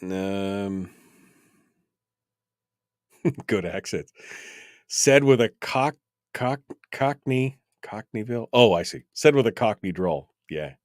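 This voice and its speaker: A man's voice: on the low side, expressive, slow pace, long pauses, dry recording, studio quality. A man hosting a casual call-in radio talk show, rambling loosely with many fillers and chuckles. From United States.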